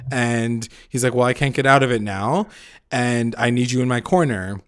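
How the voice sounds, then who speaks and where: A man's voice: mid-range voice, normal speed. A man co-hosting a TV recap podcast in casual chat, rambling and swearing, saying "like" constantly and acting out the characters' lines. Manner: rambling, profane, heavy use of "like"; acts out characters' lines in retelling. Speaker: podcast co-host.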